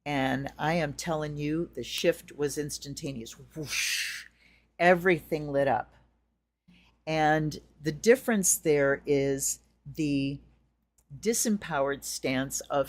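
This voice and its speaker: A middle-aged woman gives a casual tarot reading, chatting and telling stories while acting out what people have said. Her voice is deep and darkish, and she speaks slowly.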